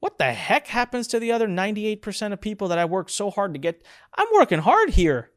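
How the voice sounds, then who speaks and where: Middle-aged webinar instructor, excitable, emphatic, repeats lines, chatty asides, mid-range voice. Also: medium pitch, a little fast. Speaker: online course instructor. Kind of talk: live webinar presentation.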